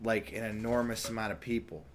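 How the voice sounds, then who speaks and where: A young man casually telling a story, animated and rambling, full of "like" fillers. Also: lowish voice, brisk, a little hiss or hum. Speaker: vlogger.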